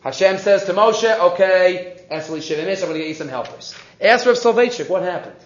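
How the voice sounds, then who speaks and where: A man teaching an evening Torah class, lively and animated, acting out the quoted speeches and mixing in Hebrew terms. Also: sits high, fairly quick. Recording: roomy, dull lo-fi class recording.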